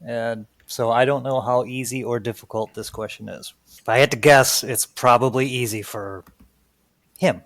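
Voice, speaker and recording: Male quiz host, teasing and playful, mid pitch, dry close sound. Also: fairly even intonation, normal speed, a bit bright, no room sound. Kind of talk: hosting a trivia game podcast.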